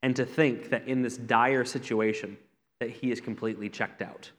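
A man's voice: medium pitch, steady tone, normal speed. A man, a pastor, giving an earnest, conversational sermon with repeated phrases. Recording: long reverb from a hall.

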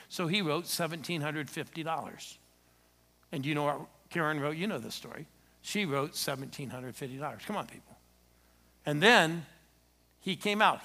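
A middle-aged man preaching a sermon in church, telling stories with sudden swings between loud exclamations and soft asides. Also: on the high side, vocal fry. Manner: animated storytelling with sudden loud and soft turns. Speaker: pastor.

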